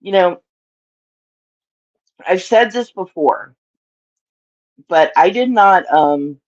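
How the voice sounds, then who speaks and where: A woman's voice: on the low side, animated, very slow, darkish tone, lo-fi sound. A woman with a Southern US accent chatting casually to her live-stream audience, rambling and laughing often.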